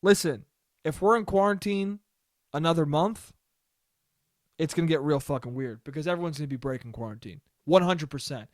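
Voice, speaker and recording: Profane rambling young man, high voice. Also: fairly quick, dry recording, studio quality. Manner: profane, rambling, laughs often. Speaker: podcast host. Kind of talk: casual solo monologue.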